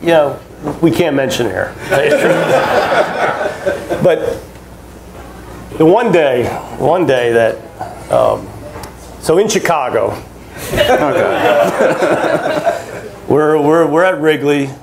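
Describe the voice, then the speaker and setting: A man's voice: a little high, very animated, extremely slow, gravelly, pauses often, very noisy. A man in his fifties, a former ballplayer as a panel guest, telling rambling, chatty stories to a fan audience at a convention. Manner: chatty, rambling, with many restarts and laughs. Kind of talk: casual storytelling to a fan audience.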